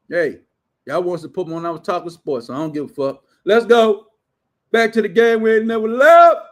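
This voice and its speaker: A man hosting his own show, ranting casually in a loud, blunt, profane way with heavy slang. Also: high voice, measured pace, long pauses. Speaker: show host.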